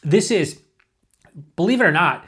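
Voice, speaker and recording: A man's voice: high voice, lively intonation, measured pace, fairly bright tone, husky. Casual man reviewing a beer aloud. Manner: thinking aloud, rambling with restarts and asides.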